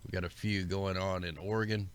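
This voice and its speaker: A man's voice: low-pitched, fairly even intonation, fairly quick, clear, resonant tone. A man hosting a livestream, rambling casually and conspiratorially as he talks through maps and greets his viewers. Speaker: livestream host. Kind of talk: casual commentary over maps.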